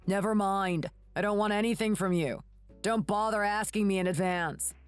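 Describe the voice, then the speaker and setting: A woman voicing a rude, bitter adult son in an animated story, speaking curtly and with contempt. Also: medium pitch, normal speed, clear, resonant tone, dry recording, soft background music, lightly acted. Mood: scornful. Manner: curt, contemptuous.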